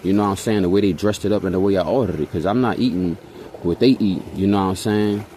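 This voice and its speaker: A man's voice: low voice, quick pace, mellow, a little hiss or hum. A young man from Hawaii telling rambling, profane, slangy stories in a casual vlog, constantly checking in with his listeners. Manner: rambling, slangy, profane, keeps checking in with "you know what I'm saying". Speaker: vlogger. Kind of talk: casual storytelling monologue.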